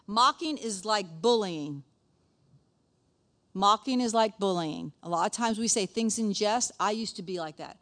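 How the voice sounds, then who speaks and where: A woman's voice: medium pitch, lively intonation, a little slow, a bit bright. A middle-aged woman teaching to a church group in a folksy way, with laughing asides and quoted scripture. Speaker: speaker at a church gathering. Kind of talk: sermon-style teaching.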